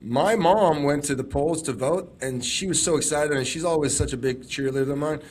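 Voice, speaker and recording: Animated Texan man telling a story. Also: fairly high pitch, brisk, a little hiss or hum. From Texas. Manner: animated storyteller, acts out quoted voices. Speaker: former congressional candidate. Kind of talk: casual podcast storytelling.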